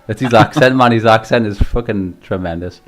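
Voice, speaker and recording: Man, stream host, race commentary, casual, laughs a lot, swears, lowish voice. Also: brisk, a little hiss or hum.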